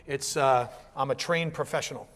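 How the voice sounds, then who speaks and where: A man giving a live business seminar, animated, asking the audience questions and acting out little voices. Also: medium pitch, normal speed, big-room sound. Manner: animated, asks the room questions, acts out voices. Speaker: business speaker.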